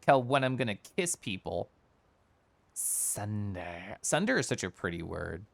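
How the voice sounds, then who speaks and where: A man in casual stream chat, telling a work story in an animated way, mocking others in quoted voices and laughing often. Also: on the low side, measured pace, creaky. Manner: laughs often while talking.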